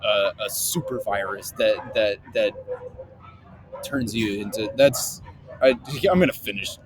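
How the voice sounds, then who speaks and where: Young man cracking quick jokes. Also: on the low side, noisy background. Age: young adult. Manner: quick joking asides and self-correcting apologies. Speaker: podcast co-host. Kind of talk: casual chat. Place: outdoor park basketball courts.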